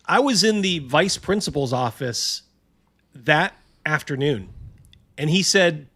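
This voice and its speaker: A middle-aged man with a fairly high voice tells stories on a casual hosted chat. He talks animatedly and acts out the voices of the people in his tales. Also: lively intonation, slow pace, bright, forceful tone. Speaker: host.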